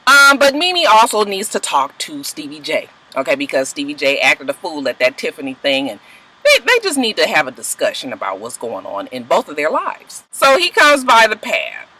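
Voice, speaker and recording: A woman's voice: low-pitched, moderate pace, slightly rough, rough recording. Sassy woman recapping reality tv, cussing a lot, voice jumping up and down all over the place. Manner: animated, sassy, swears freely, laughs between remarks. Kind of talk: casual profane recap commentary.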